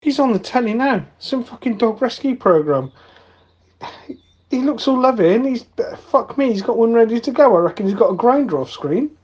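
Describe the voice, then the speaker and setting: A man's voice: extremely high pitch, expressive, normal speed, darkish tone, husky, muffled recording. A man in improvised comic chat, swearing and sounding mock-outraged.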